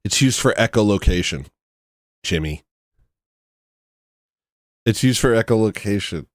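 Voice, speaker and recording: A man's voice: on the low side, expressive, measured pace, dry recording, studio quality. A man hosting a casual livestream, chatting to viewers and gushing, sometimes dropping to a choked near-whisper. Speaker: livestream host.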